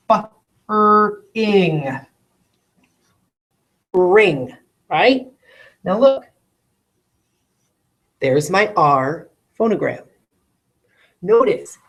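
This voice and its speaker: A woman teaching a recorded phonics lesson to classrooms, slowly stretching out word sounds and checking in with rhetorical questions. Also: on the low side, rough recording.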